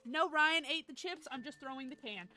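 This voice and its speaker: Giggly woman streamer with lively pitch. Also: moderate pace. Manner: giggly, scatterbrained, chatty with viewers. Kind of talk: casual live-stream chat. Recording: music playing behind.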